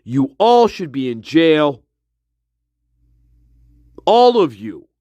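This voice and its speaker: Male commentator, slow-paced profane rant, sneering, dry close sound. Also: fairly high pitch, very animated, mellow, dry recording, highs cut off. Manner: profane, mocking, with scornful laughs. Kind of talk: angry ranting monologue.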